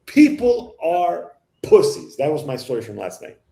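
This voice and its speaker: A man telling a story on a casual panel chat, animated and profane. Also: a little high, moderate pace, gravelly, roomy sound. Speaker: podcast panelist.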